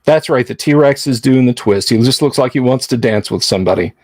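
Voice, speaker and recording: A man with a mid-range voice hosts a livestream, talking fairly quickly on a dry recording. He's chatty and jokey, answers his chat, and rambles between points.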